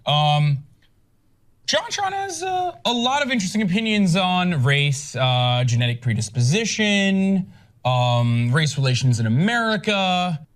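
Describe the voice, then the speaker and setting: A man mimicking a dim-witted male streamer, halting and stuffed with fillers. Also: high-pitched, big pitch swings. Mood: mocking. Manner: hesitant, filler-heavy, mocking.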